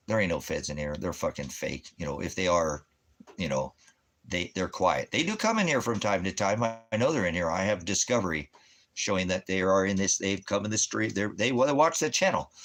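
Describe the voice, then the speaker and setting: A man's voice: lowish voice, a bit bright. A man ranting in a rambling, heavily profane monologue as the host of his own channel. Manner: swears heavily, rambling, laughs often.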